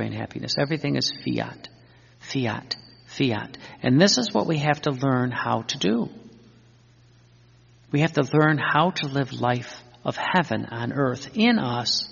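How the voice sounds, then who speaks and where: A man's voice: medium pitch, vocal fry, a bit bright, husky, long reverb tail, muffled recording. A man teaching in an earnest sermon style, repeating phrases and quoting scripture. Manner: earnest, repetitive, quotes scripture. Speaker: religious teacher.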